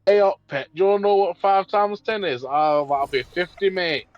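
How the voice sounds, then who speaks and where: A man's voice: high voice, normal speed, no room sound, muffled recording, pitched above the performer's own voice, lightly acted. A man putting on a friendly, chatty Yorkshire man with an imitated Yorkshire accent. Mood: cheery.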